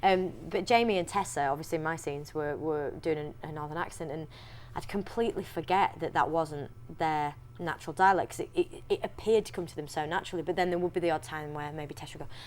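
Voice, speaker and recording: Low-voiced chatty Yorkshire woman. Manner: chatty, quick laughs, trailing restarts. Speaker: actress interviewee. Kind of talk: casual interview chat.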